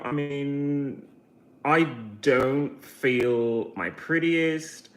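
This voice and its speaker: A man's voice: a little high, slow pace, fairly bright tone. A man from Brazil ranting at his livestream chat, swearing heavily, telling a story and mocking people in put-on voices. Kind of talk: angry livestream rant.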